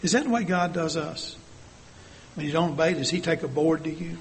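A man's voice: a little high, brisk, vocal fry, a little hiss or hum. An older man delivering an earnest sermon, asking the congregation many rhetorical questions. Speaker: church speaker.

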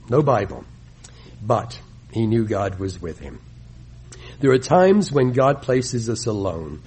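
A man delivers a sermon in a husky voice, his pitch sitting in an ordinary middle range. He reads scripture with theatrical emphasis, rising sharply on questions and dropping low and soft on reflective lines. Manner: dramatic reading of scripture with big swings in pitch and volume. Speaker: pastor.

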